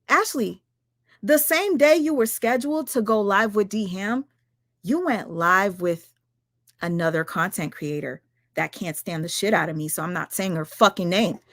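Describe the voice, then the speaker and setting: A woman's voice: fairly high pitch, no room sound, clean studio sound. Fiery woman ranting on a livestream. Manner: rapid, emphatic, swears a lot, fires rhetorical questions at viewers. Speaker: livestream commentator. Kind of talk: heated livestream rant.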